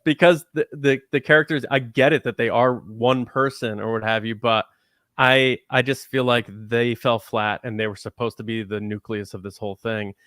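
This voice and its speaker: A man in casual podcast chat, animated and joking, slipping into quoted voices as he makes his points. His voice sits at a middle pitch. The sound is dry and close, with no room around it. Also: moderate pace, no echo. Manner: animated, jokey storytelling with quoted asides. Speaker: podcast host.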